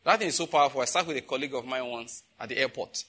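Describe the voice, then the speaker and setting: A man's voice: mid-range voice, rapid-fire, a bit bright, breathy edge. A man preaching a sermon, asking the congregation questions and answering them himself, with emphatic repetition. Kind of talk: sermon teaching.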